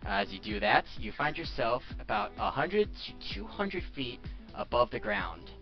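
A man narrating as game master of a tabletop game in an animated, laughing way. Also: fairly high pitch, unhurried, vocal fry. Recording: dull lo-fi audio with faint music.

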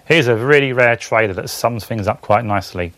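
A man giving scripted narration in a measured, dry delivery. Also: medium pitch, fairly bright tone, no echo, faint music behind. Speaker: narrator of film segment.

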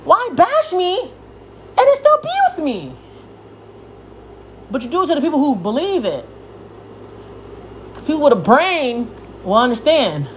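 A young woman podcast host delivers a heated, profane rant in a high-pitched voice, cursing freely and yelling at times. There's slight background noise.

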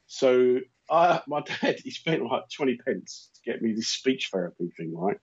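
A London man in his fifties tells stories with animated energy. His voice has a husky edge, and the sound is slightly dull and lo-fi. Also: medium pitch, moderate pace, hardly any pauses. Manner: animated storyteller who slips into put-on voices. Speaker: radio host. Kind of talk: casual chat. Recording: muffled lo-fi sound.

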